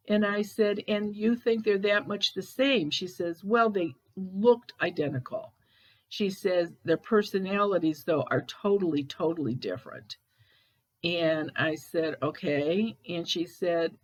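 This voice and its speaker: A woman's voice: medium pitch, poor audio. A middle-aged woman, a medium from Ohio, telling a story in casual speech and quoting the people involved. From Cleveland, Ohio. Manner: recounts dialogue, quoting others plainly.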